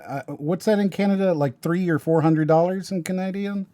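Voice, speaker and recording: A man's voice: high voice, brisk, dark tone, no echo. A man hosting a casual podcast chat who laughs easily and keeps steering the talk along.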